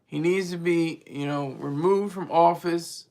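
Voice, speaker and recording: A man hosting a casual political commentary vlog, talking in an animated, rambling way with frequent restarts. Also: on the high side, measured pace. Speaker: vlog host.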